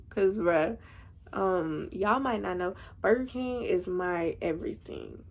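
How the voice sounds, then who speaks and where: Young woman, slight gravel, mid pitch, slangy chatty vlog storytelling. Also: a little slow, darkish tone. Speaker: vlogger.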